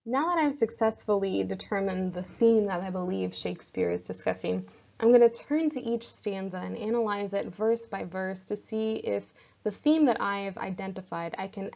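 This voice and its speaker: Slightly gravelly woman teaching a lesson. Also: medium pitch, a little mellow. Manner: patient, checks in with "right?" and "okay?". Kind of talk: explanatory literature lesson. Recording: dull lo-fi recording.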